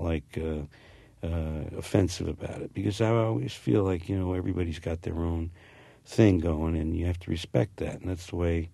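A man's voice: deep voice, vocal fry, dark tone, no room sound. A man with a slight New Jersey accent, an actor talking through an interview in a rambling, reminiscing way that restarts its sentences. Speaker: actor guest. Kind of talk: casual interview.

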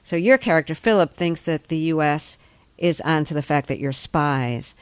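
A woman interviewing an actor, asking measured, precise questions. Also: sits low, clean tone, dry recording.

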